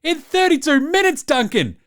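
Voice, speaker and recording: An Australian man hosting comedic sports highlights, with cheeky, mocking banter. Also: very animated, moderate pace, fairly bright tone. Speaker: host.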